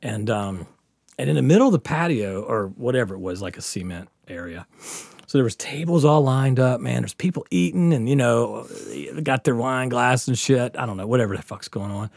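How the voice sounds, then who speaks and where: A podcast co-host in his fifties tells a wild story in a casual chat, swearing freely and laughing along the way. His voice is medium-pitched with vocal fry at a moderate pace, and the sound is studio quality with no room echo.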